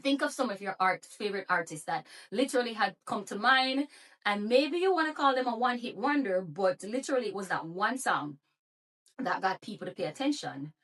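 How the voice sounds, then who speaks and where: A woman's voice: medium pitch, lively intonation, fairly quick, fairly bright tone, distant mic. A woman with a Jamaican accent, a YouTube creator and therapist, talking in a casual motivational vlog and encouraging viewers with many rhetorical questions.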